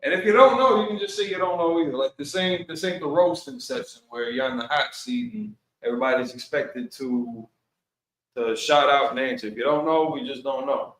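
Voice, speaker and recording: Brisk and a bit bright, a man's mid-range voice moves with lively intonation as he casually teaches Hebrew words in an online Bible class, slang and all. He is in Milwaukee, Wisconsin, speaking from far off the mic in an echoey room.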